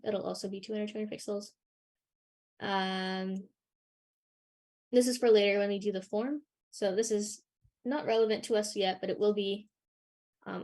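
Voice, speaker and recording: A woman's voice: medium pitch, a little mellow. Hesitant young woman teaching code. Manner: hesitant, many ums and sort ofs. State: losing her voice a bit. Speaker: workshop instructor. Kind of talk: live coding tutorial.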